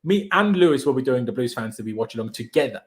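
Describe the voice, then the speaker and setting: A young man from Austria, whose first language is German, chats casually on a live stream, energetic and slangy as he hypes his viewers. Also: medium pitch, quick pace. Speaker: livestream host.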